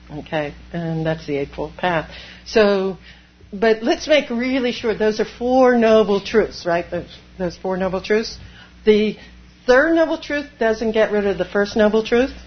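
A woman Zen priest giving a dharma talk, animated, laughing often and acting out inner voices. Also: mid-range voice, slightly rough, highs cut off.

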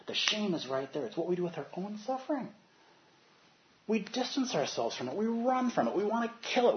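A man giving a dharma talk as a meditation teacher, animated, moving from soft, quiet stretches to loud bursts as he acts out inner voices. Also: a little high, lo-fi sound.

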